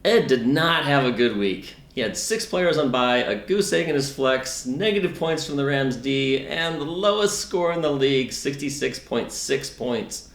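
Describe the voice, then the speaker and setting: A man's voice: mid-range voice, lively intonation, moderate pace, few pauses, a bit bright. Dry, sardonic man in a roomy space. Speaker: news-style fantasy league co-host. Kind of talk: mock news recap. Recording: roomy echo.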